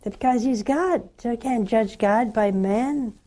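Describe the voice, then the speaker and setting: An older woman hosts a religious call-in program, speaking slowly to a caller. Her voice is mellow and dark, and she leans on key words with pastoral insistence while staying tender. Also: a little high. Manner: slow, warm pastoral counseling, emphatic and coaxing. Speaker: religious TV host taking calls.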